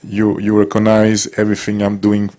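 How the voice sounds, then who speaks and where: A man speaks English in a low, mellow voice. He talks to young people casually and with encouragement, often stopping and restarting his sentences. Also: completely flat delivery. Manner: warm, encouraging, halting restarts. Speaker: guest speaker, former footballer. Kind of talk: casual talk to young audience.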